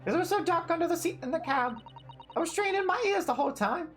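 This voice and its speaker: A man voicing a tough teenage Cockney street girl who comes out sounding like a middle-aged woman, in rough slangy speech. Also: very high voice, lively intonation, fast, a bit bright, faint music behind, voice pushed up. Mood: wary. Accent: put-on Cockney. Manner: rough slangy telling with dropped grammar. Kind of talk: game dialogue read aloud on a stream.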